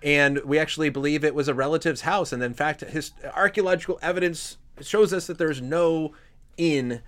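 A man's voice: a little high, moderate pace, fairly bright tone. A man hosting a casual interview, asking long, thoughtful questions with some hesitation. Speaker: podcast host.

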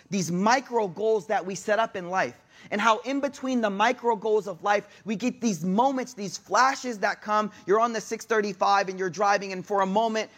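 High-voiced man preaching casually. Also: a bit bright. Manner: casual retelling with everyday asides; mixes in Arabic honorifics and quotes. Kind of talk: sermon storytelling.

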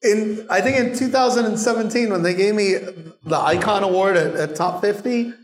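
A middle-aged man, a guest bartender, telling animated stories in a live Q&A and laughing often. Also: high-pitched, normal speed. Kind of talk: live Q&A storytelling. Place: bar venue with audience. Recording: echoey live venue.

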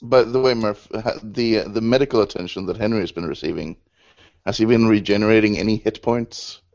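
A man's voice: fairly low pitch, fairly quick, creaky, a little mellow. A man playing in an online tabletop game, casually asking rules questions, heard over dull lo-fi voice chat. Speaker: player.

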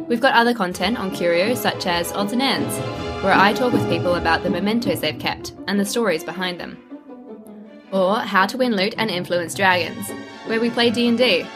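A woman, the show's producer, reading the closing credits in a friendly, even way. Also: medium pitch. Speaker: podcast producer. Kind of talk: scripted outro.

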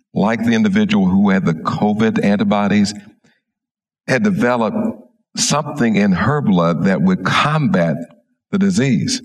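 A middle-aged man, a minister, telling a story slowly and gently in a sermon. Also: low-pitched.

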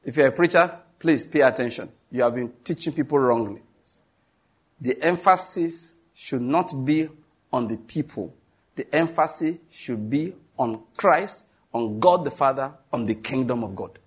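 A Nigerian man preaching a sermon with a Nigerian accent, emphatic, reading scripture slowly and joking with the congregation. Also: mid-range voice, animated, breathy edge.

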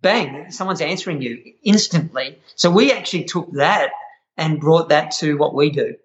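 A man's voice: on the high side, moderate pace, dull audio. A middle-aged Australian man, a chef, telling stories in a casual interview and laughing often. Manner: animated storyteller, laughs often. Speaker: guest, chef running an online membership.

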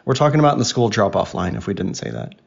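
A man's voice: on the low side, animated, racing, gravelly, slightly rough. A man co-hosting a casual family podcast with his daughter, talking in a teasing, playful way. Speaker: podcast co-host, father. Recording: dull lo-fi recording.

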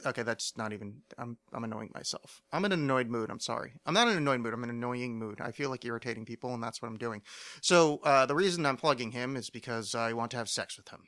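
A man's voice: medium pitch, fast talker, a bit bright, no room sound. A man hosting a solo podcast, rambling and self-mocking with many fillers and profanity, his throat a bit phlegmy. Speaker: podcast host. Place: home studio.

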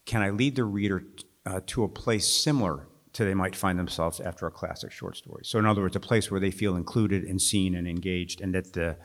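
A male author reading his fiction aloud at a live festival event and then talking about his craft in a wry, chuckling way with halting restarts. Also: low-pitched. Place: festival stage.

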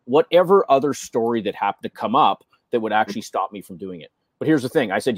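A man co-hosting a business show, talking in an animated way with rhetorical questions. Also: mid-range voice, fast, few pauses, no room sound, studio quality. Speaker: co-host. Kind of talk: business podcast chat.

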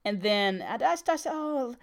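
A woman's voice: mid-range voice, animated, normal speed. A middle-aged woman hosting a podcast, telling a personal story in an earnest, emphatic way. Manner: earnest and emphatic, with brief laughs.

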